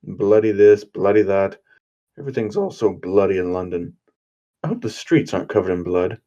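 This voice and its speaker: A man's voice: sits low, animated, moderate pace, warm tone. A man voicing a cocky young male hero who jokes around and drops mock British slang, on a dull lo-fi recording. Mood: teasing.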